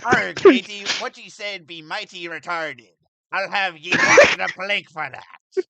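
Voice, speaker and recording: A man's voice: high-pitched, unhurried, creaky, very noisy, pitched above the performer's own voice. A man voicing a blustering male pirate captain, growling out theatrical pirate talk as a joke on a podcast. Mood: mock menace.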